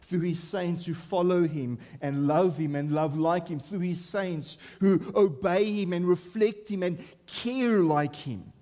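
A man's voice: high-pitched, unhurried, hardly any pauses, mellow. A man preaching a sermon in an earnest, emphatic way, with rhetorical questions and repeated phrases.

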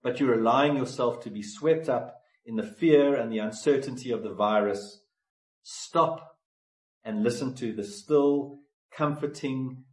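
A man preaching a sermon in an earnest, pleading way, slowing down to stress key words. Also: medium pitch. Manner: earnest, pleading, slows for emphasis. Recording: echoey room.

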